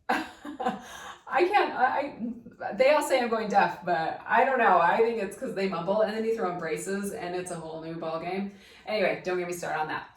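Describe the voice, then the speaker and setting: A woman giving a casual, upbeat how-to lesson on children's singing activities, chatty and prone to friendly asides. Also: mid-range voice. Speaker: primary singing time teacher. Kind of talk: casual instructional talk. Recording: roomy, from a distance.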